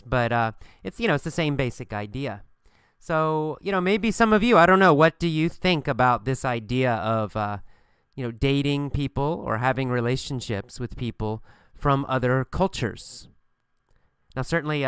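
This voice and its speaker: A man's voice: medium pitch, moderate pace, clean tone, dry recording. Male English teacher, home recording, clean resonant voice, dry and close, casual with fillers. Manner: relaxed, many fillers, acts out story lines. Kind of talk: teaching with a story, then casual commentary. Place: bedroom at home.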